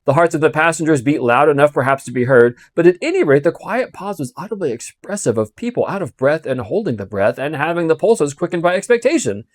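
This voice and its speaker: A man reading a classic novel aloud with expressive storytelling. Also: fairly high pitch, a little fast, hardly any pauses, no room sound. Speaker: audiobook reader.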